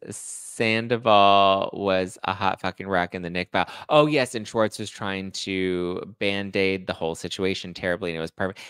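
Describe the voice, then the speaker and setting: A young man hosts a podcast livestream, chatting casually and reading out viewer comments in a rambling, self-deprecating way. He has a slight lisp and a fairly low, fairly bright voice, with clean sound and no echo.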